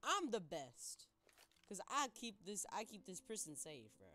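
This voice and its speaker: A young woman giving excitable gameplay commentary, exclaiming and narrating her moves to viewers. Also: medium pitch, measured pace. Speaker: gaming YouTuber.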